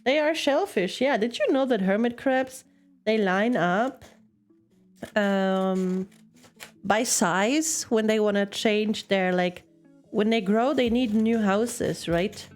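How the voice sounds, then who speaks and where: A woman's voice: mid-range voice, slow pace, soft background music. A young woman streaming while she crafts, chatting casually in a rambling way, giggling often and telling puns.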